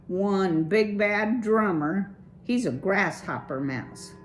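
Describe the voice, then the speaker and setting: A woman's voice: mid-range voice, expressive, takes it slowly, faint music behind, poor audio. A woman reading aloud, voicing a cool young female mouse musician with slangy, upbeat talk. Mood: breezy.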